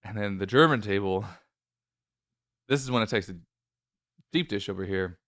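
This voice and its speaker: A man's voice: lowish voice, unhurried, a bit bright, dry recording, clean studio sound. A male podcast host telling a story in casual chat, nervous and rambling, with many restarts and a voice that cracks.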